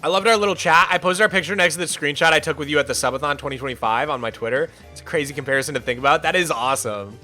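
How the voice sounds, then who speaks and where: A man's voice: on the high side, racing, hardly any pauses, pushed and bright, soft background music. A young American man streaming and chatting casually, reading out viewer messages in a rambling way full of "like" and restarts. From United States. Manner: rambling, filler-heavy, often says "like".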